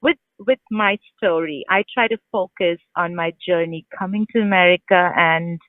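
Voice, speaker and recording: A woman's voice: fairly low pitch, moderate pace, no room sound. A woman from India with an Indian English accent with British touches, a guest author chatting candidly in an interview, full of fillers and restarts. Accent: Indian English with British influence. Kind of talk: casual interview chat. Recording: dry phone-line sound.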